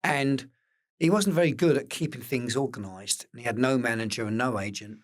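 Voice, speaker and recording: An older man with an Essex accent spins stories in a relaxed interview. His voice sits at an ordinary middle pitch, and he keeps acting out what other people said, with the odd swear word thrown in. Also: a little fast. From England. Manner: animated anecdotes with acted-out quotes, occasional swearing. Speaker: interview guest. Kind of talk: casual storytelling interview.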